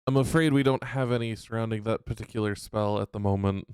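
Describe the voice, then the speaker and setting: A man's voice: fairly low pitch, brisk, darkish tone, clear, resonant tone, no echo, clean studio sound, natural voice. A man voicing a polite male gold dragonborn shopkeeper in a tabletop game, speaking in a courteous, welcoming manner. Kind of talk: tabletop role-play character voice.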